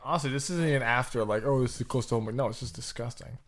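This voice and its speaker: A man's voice: medium pitch, rapid-fire. A man co-hosting a casual podcast, blunt and dramatic in his dislikes, joking around. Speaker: podcast co-host. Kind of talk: casual chat, taste-testing milks.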